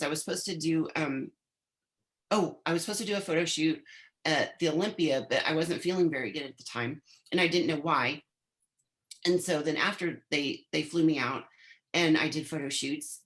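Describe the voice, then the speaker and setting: Woman in her 50s, low voice, chatty guest telling a long story on a podcast. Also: fairly bright tone. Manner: chatty, replays her own past lines in quotes. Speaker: interview guest, former bodybuilder. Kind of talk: casual storytelling interview.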